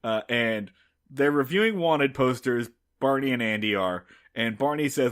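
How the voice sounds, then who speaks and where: Bright-voiced wry man podcast host. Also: medium pitch, lively intonation. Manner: wry, brisk summarizing, adds sound effects. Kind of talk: casual comedic recap.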